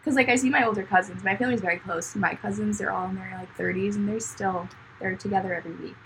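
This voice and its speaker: A young woman in her twenties co-hosting a podcast, chatting casually in a quick, reassuring, matter-of-fact way. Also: mid-range voice, fairly even intonation, a little hiss or hum, poor audio. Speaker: podcast co-host. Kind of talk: casual chat.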